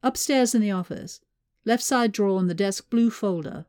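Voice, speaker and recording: A woman's voice: medium pitch, moderate pace, darkish tone, dry recording, studio quality, close to an everyday voice. A woman voicing a tough female operative in an audiobook, blunt and sardonic. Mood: grim.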